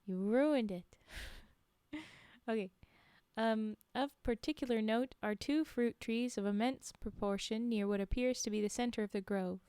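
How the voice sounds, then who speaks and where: A young woman streamer reading spooky stories aloud and chatting with viewers in giggly, animated asides. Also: fairly high pitch, measured pace, clean tone, no room sound.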